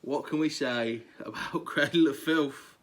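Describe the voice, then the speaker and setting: A man's voice: medium pitch, unhurried. A young man, talking casually and enthusiastically as a vlogger, gushing through a countdown with lots of ums and likes.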